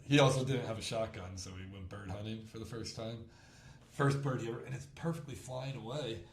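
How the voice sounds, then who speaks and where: A man in his thirties telling a hunting story in casual chat, acting out the quotes with quick laughs. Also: on the low side, steady tone. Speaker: podcast host. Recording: roomy with faint background noise.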